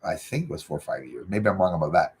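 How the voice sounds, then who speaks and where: A man's voice: deep voice, big pitch swings, fast talker, a little mellow, breathy edge. A middle-aged man, chatting casually and rambling with lots of fillers as host of his livestream. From Canada. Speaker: channel host reading live chat.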